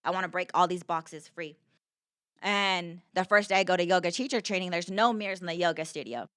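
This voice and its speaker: A woman's voice: lowish voice, a little fast, a bit bright, clean tone, dry recording, studio quality. A young woman, a podcast guest, telling her story in an earnest, conversational way, repeating herself and filling with "like".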